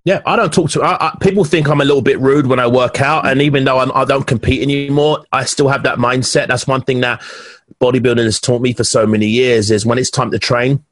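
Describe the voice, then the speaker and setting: A man's voice: medium pitch, a little fast, no room sound. A man from England, a professional bodybuilder, telling stories animatedly in a casual podcast interview. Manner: animated storyteller, many restarts. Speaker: guest, pro bodybuilder.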